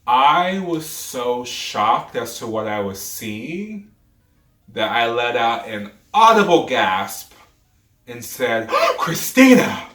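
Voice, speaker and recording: A man's voice: medium pitch, animated, very slow, pushed and bright, recorded from a distance. A man in his twenties animatedly retelling a true story, dramatic and full of asides. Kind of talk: storytime vlog. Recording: roomy echo, off-mic, faint music.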